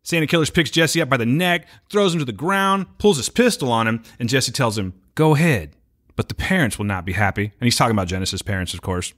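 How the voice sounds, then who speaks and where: Male podcast co-host, bright, lively voice, casual, playful impressions. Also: mid-range voice, quick pace. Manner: animated, slips into playful character voices. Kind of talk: casual recap chat.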